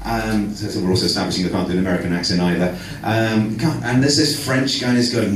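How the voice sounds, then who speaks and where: A man's voice: on the low side, recorded from a distance, a little hiss or hum. Self-mocking male stand-up in an echoey club. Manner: self-mocking, halting with fillers. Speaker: stand-up comedian. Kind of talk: stand-up set. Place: comedy club stage.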